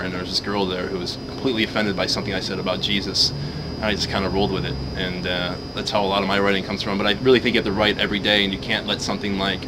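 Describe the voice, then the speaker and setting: Brief: man, very deep and monotone, quick earnest talker, loud outdoor noise behind. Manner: earnest, rambling advice. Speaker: comedian. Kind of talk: interview.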